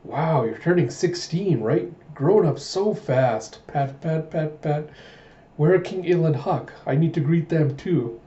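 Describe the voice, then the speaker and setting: A man voicing a kind, gentle young nobleman who speaks softly and teases fondly. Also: on the high side, measured pace, close to an everyday voice. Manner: soft, fondly teasing. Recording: echoey room, muffled lo-fi mic.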